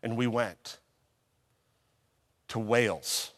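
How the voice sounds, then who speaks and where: Male pastor, sermon, storytelling, slightly high voice, long reverb of a big hall. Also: animated, a little slow, a bit bright. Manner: storytelling, acting out his own past conversations.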